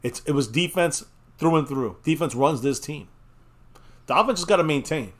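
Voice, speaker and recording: Hoarse, excitable man calling a football game. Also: on the high side, moderate pace. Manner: excitable, loud outbursts at big plays, swears. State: voice getting hoarse. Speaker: co-host of a fan watch-party stream. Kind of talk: casual live game reaction.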